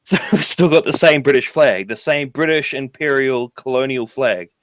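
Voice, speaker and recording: A man with a New Zealand accent rambles on as a caller, swearing freely and leaning on fillers. His voice is dry and close, with an average pitch. The delivery is loose and conversational. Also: normal speed, a bit bright, no echo. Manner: profane, rambling, filler-heavy. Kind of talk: casual call-in chat.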